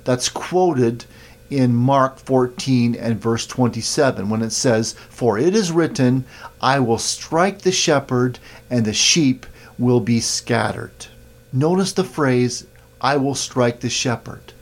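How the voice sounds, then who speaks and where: A man preaching a sermon, reading scripture in a measured, emphatic way. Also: medium pitch.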